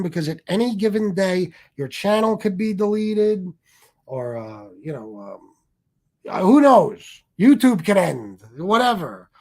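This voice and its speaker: A man's voice: sits high, a little mellow. Defensive, rambling middle-aged man streamer. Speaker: livestream host. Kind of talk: casual livestream monologue.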